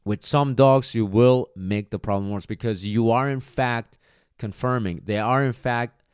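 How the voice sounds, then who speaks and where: A man's voice: mid-range voice, a little slow, darkish tone, smooth, dry recording, studio quality. A man who trains dogs, hosting a podcast monologue and speaking bluntly and emphatically, with casual swearing. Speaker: dog trainer, podcast host.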